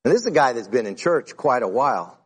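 Husky-voiced man preaching casually. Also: mid-range voice, very animated, fast talker. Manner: conversational preaching, retelling talks with rising intensity. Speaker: pastor. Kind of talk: sermon.

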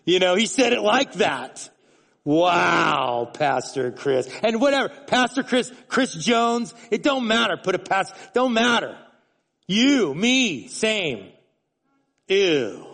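A man preaching a sermon in an animated way, often restarting words and swinging between loud, emphatic lines and hushed ones. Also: high voice, slow, vocal fry, big-room sound. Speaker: pastor.

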